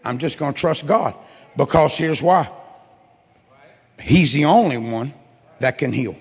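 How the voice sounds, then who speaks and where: A male pastor preaching to his church in a folksy, repetitive way that swells into loud bursts. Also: fairly high pitch, lively intonation, unhurried, slightly rough, long reverb tail. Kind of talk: sermon with altar call. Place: church sanctuary.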